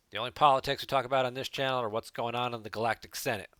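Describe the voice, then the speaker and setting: A man's voice: medium pitch, sharp tone, no echo. A man chatting casually to his viewers while playing an online card game, talking to people in the chat. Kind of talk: casual gameplay commentary.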